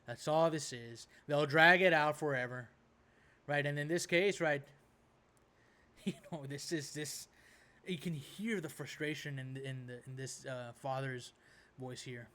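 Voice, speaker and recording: A man's voice: on the high side, fairly even intonation, unhurried, bright, forceful tone. A man hosting a reaction video, ranting casually in a rambling way and tossing in "right?" and "bro" as he goes.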